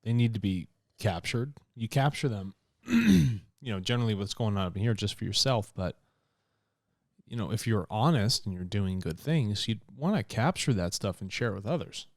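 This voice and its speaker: A podcast co-host, a man, chats casually and loosely, packing in fillers and laughing easily. His voice is lowish with lively intonation and normal speed, captured in clean studio sound with no room sound.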